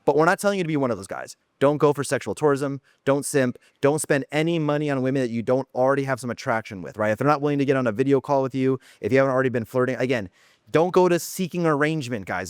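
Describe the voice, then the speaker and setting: This is a man vlogging from his home office, talking bluntly and brashly with plenty of casual filler. His voice is smooth and clear, and the recording is close and dry with no room sound. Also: medium pitch, fast, dry recording. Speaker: dating coach vlogger. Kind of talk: casual monologue.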